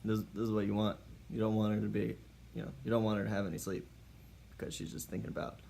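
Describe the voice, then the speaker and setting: A man's voice: on the low side, level tone, fast talker, vocal fry, a little mellow, a little hiss or hum. A man giving mock-serious dating advice in a playful comedy monologue.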